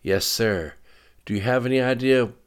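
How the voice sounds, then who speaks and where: Brief: narrator as a polite junior lieutenant, matter-of-fact reporting. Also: male voice, mid-range voice, normal speed, clear, resonant tone, voice pushed up, natural voice. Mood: dutiful. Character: dutiful young male lieutenant.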